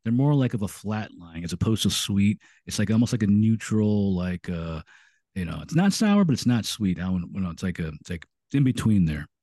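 Lively, low-voiced man fumbling for words. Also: brisk, dry recording, studio quality. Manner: hesitant, searches for words. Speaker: podcast co-host. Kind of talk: casual chat.

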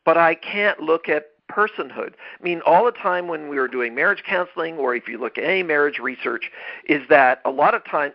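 A man's voice: fairly high pitch, muffled recording. A man hosting a podcast, giving an emphatic motivational talk on leadership, often repeating and restarting phrases. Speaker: podcast host.

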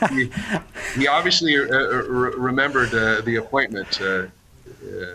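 A middle-aged man, an archbishop guest, speaking reflectively in a radio interview, with frequent halting restarts. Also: mid-range voice, background noise.

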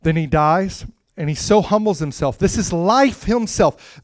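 Impassioned preacher, fairly high dry voice. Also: male voice, expressive, measured pace, few pauses, no room sound. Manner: impassioned, building to loud emphatic peaks. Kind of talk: sermon.

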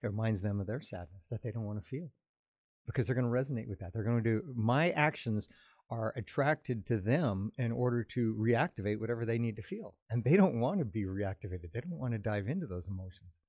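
A man talking calmly in a casual conversation, explaining his ideas at length in a reflective way. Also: lowish voice, fairly quick, no room sound, clean studio sound. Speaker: podcast co-host.

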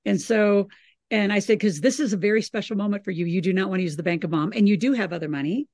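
A middle-aged woman hosting a podcast, chatting casually and telling lively stories about her children. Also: medium pitch, fast talker, no room sound, studio quality. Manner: animated storyteller, acts out her kids' lines. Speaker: podcast host. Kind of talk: casual chat.

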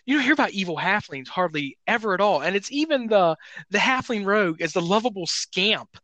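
A man co-hosting a podcast in casual chat, rambling and excitable, laughing often. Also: sits high, brisk, dry recording. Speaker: podcast co-host.

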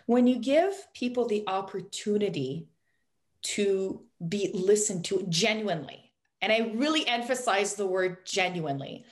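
A woman guest on a podcast interview, a business coach talking earnestly and repeating her key points for emphasis. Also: medium pitch.

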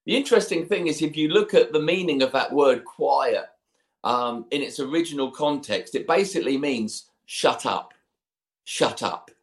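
A male preacher delivers a sermon in an easy, conversational storytelling manner. He slips in personal asides, and his voice sits a little higher than most men's. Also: lively intonation, normal speed.

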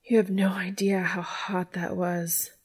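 A woman voicing a confident, teasing woman in a story reading, speaking slow and hushed. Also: lowish voice. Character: confident adult woman, teasing dominant lover.

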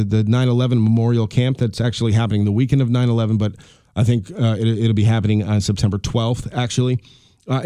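A middle-aged man with a medium-pitched, warm voice hosts his own podcast in a casual solo monologue. He rambles in a chatty, self-deprecating way. The recording is clean studio sound with no echo.

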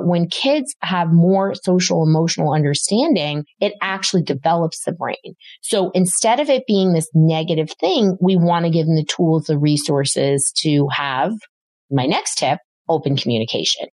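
A middle-aged woman hosting a parenting talk, giving advice in a lively conversational way and acting out quoted voices in her stories. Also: fairly low pitch, no room sound. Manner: animated storyteller, acts out quoted voices. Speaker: podcast host, parenting expert.

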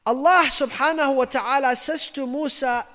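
A man giving a storytelling religious lecture, emphatic and repetitive, dropping his voice low for quoted lines. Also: fairly even intonation, normal speed, sharp tone. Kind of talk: storytelling sermon. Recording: reverberant lecture hall.

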